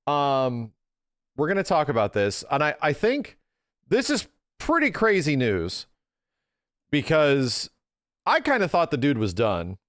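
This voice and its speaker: Excitable male streamer, dry close sound. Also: a little high, a little slow, pauses often, dry recording. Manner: excitable, talks to his chat, laughs easily. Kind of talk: casual live-stream chat.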